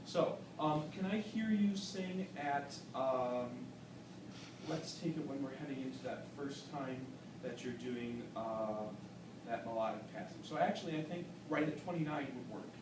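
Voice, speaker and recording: A man's voice: mid-range voice, unhurried. A man giving an encouraging, explanatory critique to a singer in a masterclass, with frequent "um"s. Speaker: vocal adjudicator. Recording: echoey room from a distant mic with background noise.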